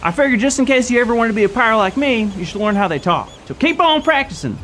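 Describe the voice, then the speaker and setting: A man's voice: extremely high pitch, animated, fast talker, fairly bright tone, a little hiss or hum. A young man hosting a church kids show in a goofy, playful pirate persona.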